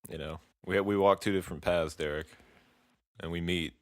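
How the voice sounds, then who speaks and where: A man's voice: deep voice, steady tone, normal speed, no echo, clean studio sound. A man from the US Midwest co-hosting a casual comedy podcast, rambling playfully and laughing often. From Illinois, US Midwest. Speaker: podcast co-host.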